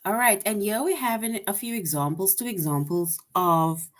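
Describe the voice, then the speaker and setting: A woman's voice: medium pitch, moderate pace. A woman teaching a grammar lesson to young children, patient and repetitive, often checking with "right?".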